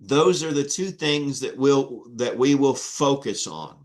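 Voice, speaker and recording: A man's voice: mid-range voice, expressive, a little slow, a little mellow. A man teaching an online Greek class, patient and repeating himself with many fillers. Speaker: Greek instructor.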